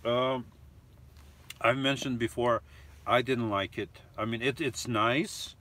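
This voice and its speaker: A man's voice: medium pitch, fairly even intonation, slow, a bit bright. Rambling man chatting with live viewers. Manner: chatty and rambling, reacts to each comment. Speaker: live stream host. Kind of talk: casual live chat, reading viewer comments aloud. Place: inside a camper van.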